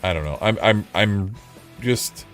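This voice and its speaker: A man's voice: fairly low pitch, unhurried, faint music behind. A man streaming casually, rambling and frustrated, mocking himself as he chats with viewers. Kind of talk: casual live-stream chat.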